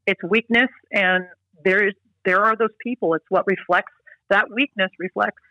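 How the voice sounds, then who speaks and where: A woman's voice: mid-range voice, steady tone, moderate pace, sharp tone, no echo, rough recording. A middle-aged woman speaking as an interview guest. She talks earnestly and emphatically, often restarting her sentences. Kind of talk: casual interview talk.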